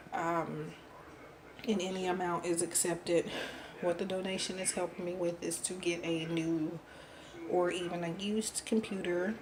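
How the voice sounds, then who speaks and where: A woman giving a pick-a-card reading, unwell and short of breath, talking softly and haltingly with many pauses. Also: background noise. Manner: soft, low-voiced, halting with many ums. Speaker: tarot card reader.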